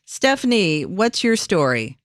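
A woman's voice: lowish voice, very animated, measured pace, no room sound, studio quality. Conversational woman radio host. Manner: friendly, conversational. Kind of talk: call-in radio hosting.

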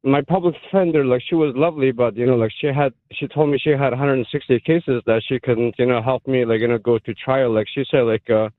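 A man's voice: medium pitch, steady tone, dry recording. Man calling in over a tinny phone line. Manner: halting, many fillers and restarts. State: emotional. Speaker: caller. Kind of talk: call-in radio caller telling a personal story.

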